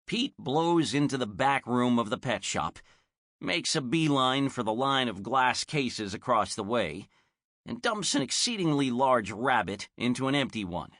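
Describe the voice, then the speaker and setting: A man narrating a children's audiobook in an expressive storytelling manner. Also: medium pitch, unhurried, no echo, clean studio sound. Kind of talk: scripted narration.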